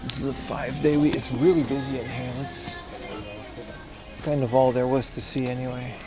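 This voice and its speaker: A man's voice: mid-range voice, level tone, moderate pace, music in the background. A man streaming live as he walks city streets, chatting casually with his viewers. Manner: chatty, addresses chat directly. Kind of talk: casual IRL livestream commentary. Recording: noisy outdoor street recording.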